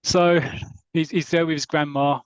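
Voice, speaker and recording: A man's voice: a little high, flat delivery, moderate pace, clear, resonant tone, no room sound. A man co-hosting a podcast in casual chat, retelling a story and voicing the people in it along the way. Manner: retells a story with quoted voices and laughs. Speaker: podcast co-host.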